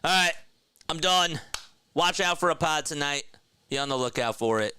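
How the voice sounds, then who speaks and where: A young man hosting a casual baseball fan livestream, excitedly talking to his chat. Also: on the high side, moderate pace, clean tone, dry recording. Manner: excited, animated, talks to chat as "bro" and "man". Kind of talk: casual post-game fan talk, reading chat.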